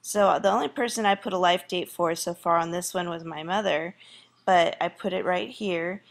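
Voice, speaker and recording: A woman's voice: on the low side, moderate pace, creaky. A woman teacher walking through a screen tutorial in a casual way, thinking aloud with fillers.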